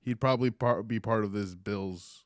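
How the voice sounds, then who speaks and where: A man's voice: fairly low pitch, moderate pace, no room sound, studio quality. A man co-hosting a sports podcast, bantering with a lot of laughter. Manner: laughs often, lively banter. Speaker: podcast co-host. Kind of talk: casual sports chat.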